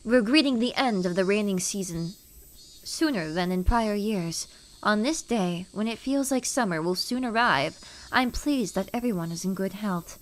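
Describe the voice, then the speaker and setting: A woman's voice: medium pitch, expressive, close to an everyday voice. A woman doing a formal news-style announcer. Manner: measured, formal announcer delivery. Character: formal village notice announcer. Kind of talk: reading a notice in a reporter voice.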